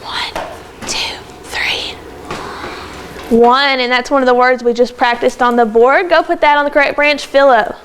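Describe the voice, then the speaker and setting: Woman teacher, high voice, brisk and encouraging, classroom phonics lesson, faint noise behind. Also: steady tone. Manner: encouraging, brisk, calls on pupils by name. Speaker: second grade teacher. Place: classroom with children.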